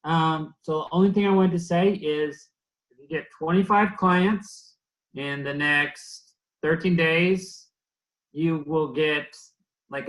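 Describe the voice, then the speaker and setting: Man explaining a team bonus, halting speech, fairly high voice, echoey room. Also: a bit bright. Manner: halting, searches for words. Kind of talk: casual team meeting talk.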